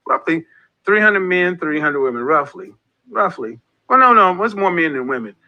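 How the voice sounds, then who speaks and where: Man, emphatic preachy commentary, high pitch, muffled lo-fi sound. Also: sing-song, normal speed. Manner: emphatic, preachy, repeats points. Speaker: online group leader and commentator. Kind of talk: impassioned monologue. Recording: dull lo-fi audio.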